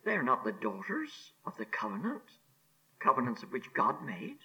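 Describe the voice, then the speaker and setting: A man preaching a sermon on scripture, emphatic and deliberate, repeating key phrases and sinking to a hushed near-whisper on solemn words. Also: medium pitch, wildly swooping pitch, slightly rough, low-quality recording. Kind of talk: expository sermon.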